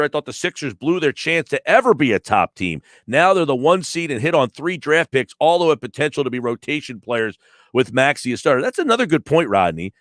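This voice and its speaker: Emphatic sports radio host. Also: male voice, on the high side, a bit bright, dry recording, clean studio sound. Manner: emphatic, sarcastic, rants with mock quotes. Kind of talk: opinionated sports talk radio. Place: radio studio. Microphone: studio microphone.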